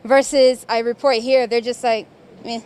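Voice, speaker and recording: A slightly high-voiced woman answers a street interview in a frank, casual way, keeping it conversational. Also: moderate pace, a little mellow.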